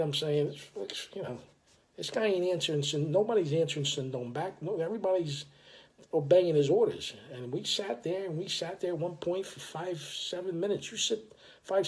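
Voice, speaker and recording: An older man telling a story in a casual, animated, profane way, full of restarts. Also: on the high side.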